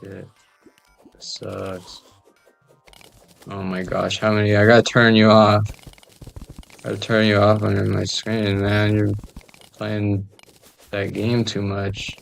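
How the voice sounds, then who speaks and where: A man's voice: on the low side, little pitch movement, unhurried, gravelly, soft background music. A man joking and rambling through casual gameplay commentary, often trailing off into mumbled asides. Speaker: gamer recording gameplay.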